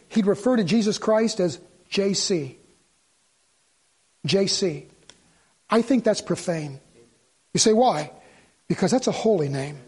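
A man's voice: high voice, a little mellow, husky. A middle-aged man preaching a sermon, telling stories and building to fervent emphasis. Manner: storytelling, rising to fervent emphasis. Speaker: pastor.

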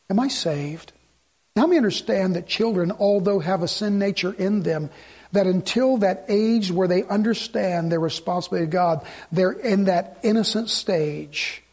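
A man preaching a sermon as pastor, swinging between loud urgency and hushed pleading. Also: sits high, husky.

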